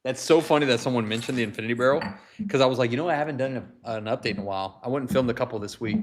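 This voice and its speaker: A man chatting casually on a livestream in a loose, joking, rambling way. He talks from home and later from his garage, carrying his phone as he goes. His voice sits at an everyday pitch. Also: racing, a little hiss or hum. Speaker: whiskey livestream host. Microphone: handheld phone.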